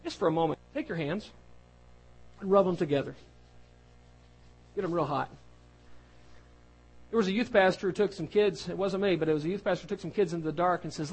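A man's voice: high voice, a little fast, pauses often, poor audio. A man preaching a sermon, talking in a conversational way that builds in force. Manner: conversational preaching, grows louder and more emphatic.

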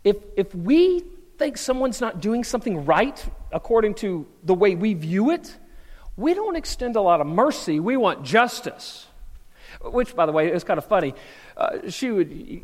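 A pastor preaching a sermon in a church hall, telling stories, repeating words and asking the crowd questions. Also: male voice, high voice. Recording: long hall reverb.

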